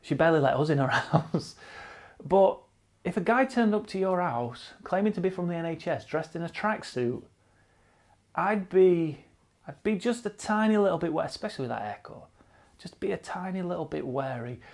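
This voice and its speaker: A man's voice: on the high side, animated, moderate pace, creaky, a little mellow. A man hosting casual online cycling news commentary, blunt and sarcastic, swearing freely and repeating himself for emphasis.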